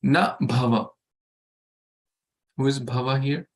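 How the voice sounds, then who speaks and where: A man leads a scripture study class, speaking slowly and stopping often to ask his listeners questions. His voice is gravelly with audible fry. He repeats words as he works through each line of the verse. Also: mid-range voice, steady tone. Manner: slow, repeats words and asks the group questions. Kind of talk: explaining a scripture verse to an online study group.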